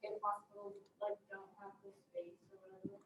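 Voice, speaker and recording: A woman's voice: medium pitch, completely flat delivery, brisk, fairly bright tone, lo-fi sound, slight background noise. A woman student asking a tentative question in class. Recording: distant, echoey classroom.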